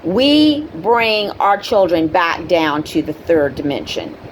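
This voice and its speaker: Middle-aged lady, low-ish voice, earnest chatty monologue, lots of ums, faint hiss behind. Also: big pitch swings, slow pace, poor audio. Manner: earnest, conversational, many fillers; acts out quoted people in a high voice. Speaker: spiritual video host. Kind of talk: casual spoken monologue to camera.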